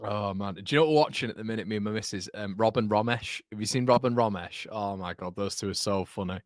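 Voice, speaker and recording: A man's voice: on the low side, fast, dry recording, clean studio sound. Giggling man calling a match. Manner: casual, chatty, keeps breaking into laughter. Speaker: host. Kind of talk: live football watchalong commentary.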